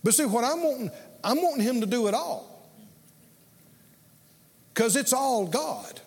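A man's voice: very high-pitched, animated, measured pace, creaky, darkish tone, husky, long reverb tail. A man preaching a sermon, telling stories and leading call-and-response with his congregation.

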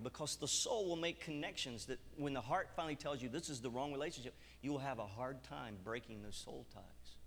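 A middle-aged man preaching a sermon and telling his own story, acting out bits of dialogue. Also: fairly high pitch. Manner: animated storytelling with acted-out dialogue. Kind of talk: sermon with personal testimony. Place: church hall. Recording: long hall reverb.

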